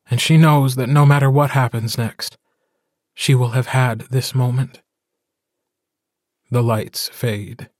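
A man narrating an audiobook in a measured, intimate way. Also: medium pitch, darkish tone, dry recording, studio quality. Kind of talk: scripted narration.

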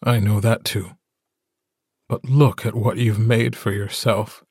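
A man voicing a gentle, steady male werewolf alpha in an audiobook, speaking calmly and tenderly. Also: husky, dry recording, studio quality, exaggerated voice. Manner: calm, tender, low and measured.

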